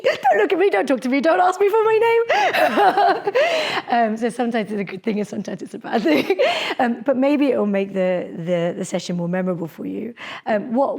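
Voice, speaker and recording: A young adult woman leading a live public speaking workshop in a lecture room, talking in a lively, chatty way and laughing often. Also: mid-range voice.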